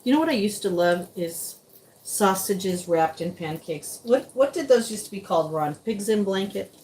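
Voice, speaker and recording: A woman's voice: medium pitch, animated, normal speed, a little mellow, a little hiss or hum, low-quality recording. A woman chatting to her viewers while she cooks on a live stream, sometimes stepping away from the mic. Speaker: live-stream cooking host. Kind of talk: casual live-stream cooking chat.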